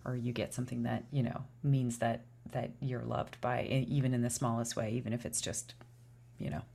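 Very deep, gravelly-voiced woman co-host. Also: level tone, fairly quick, dark tone. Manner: brief agreeing interjections, loose rambling. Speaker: podcast co-host. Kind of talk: casual podcast chat.

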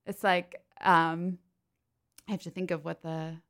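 A woman's voice: lowish voice, little pitch movement, measured pace, fairly bright tone. A woman from Pennsylvania, a stage actress talking as a podcast guest, chatty and full of "like" fillers, laughing often. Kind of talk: casual interview chat.

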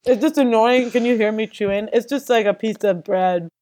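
A woman plays an eager, awkward sixteen-year-old girl hosting a comedy talk podcast, giggling, rambling and getting flustered without a proper microphone. Her voice is a little high and warm, close to an everyday voice, at a moderate pace.

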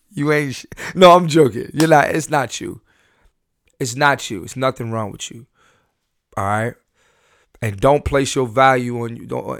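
A man hosting a casual solo podcast from home, high on weed, loose and rambling, laughing and cursing as he talks. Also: creaky, dry recording, clean studio sound. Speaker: podcast host.

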